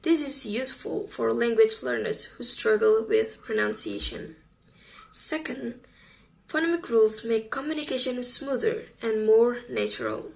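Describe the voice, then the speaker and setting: Slow, gravelly-voiced woman presenting. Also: a little high, big pitch swings, darkish tone, rough recording. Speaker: student presenter. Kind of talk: reading a class presentation.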